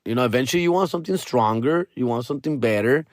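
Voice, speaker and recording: A man's voice: medium pitch, animated, quick pace, no room sound, clean studio sound. Rambling, slangy man. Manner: rambling, profane, slangy storytelling. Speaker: comedian podcast host. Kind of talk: casual chat.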